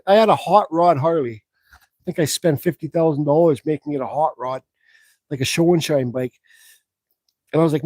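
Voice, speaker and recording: Guy w a highish voice rambling thru stories on his live stream, swears a lot, dry close sound. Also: expressive, fairly quick, a little mellow, no room sound, rough recording. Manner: rambling, frank, with swearing and restarts. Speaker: woodcarving channel host. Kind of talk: live stream Q&A, casual storytelling.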